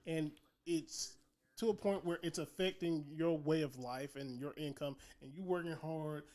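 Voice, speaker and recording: A man's voice: fairly high pitch, fairly even intonation, moderate pace, darkish tone. A man co-hosting a casual podcast chat, making emphatic points with rhetorical build-ups. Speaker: podcast co-host.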